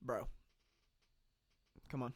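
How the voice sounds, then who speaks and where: A man hosting casual reaction commentary. He talks conversationally with restarts and clears his throat now and then, a little phlegmy from the cold. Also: drawn-out words. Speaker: commentary channel host.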